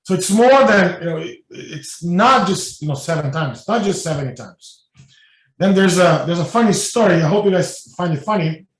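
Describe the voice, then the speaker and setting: Man, guest speaker, spiritual lecture, loose storytelling, fillers, high voice, distant mic. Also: lively intonation, moderate pace. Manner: loose, many fillers and restarts. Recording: echoey room, mic at a distance.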